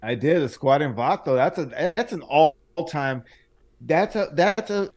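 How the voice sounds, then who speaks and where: A man's voice: a little high, lively intonation, unhurried, a little mellow. A man co-hosting a podcast, talking bluntly and profanely in casual chat. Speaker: podcast co-host.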